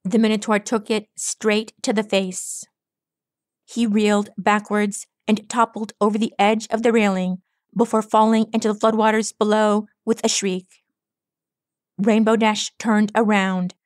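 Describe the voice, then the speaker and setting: Slow, measured woman narrating a story. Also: mid-range voice, no echo, studio quality. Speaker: audiobook reader. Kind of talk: scripted narration of fan fiction.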